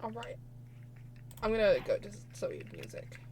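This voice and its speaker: A woman's voice: fairly high pitch, huge pitch swings, normal speed, darkish tone, a little hiss or hum. A woman streamer chatting casually while playing a game and reading its lines aloud.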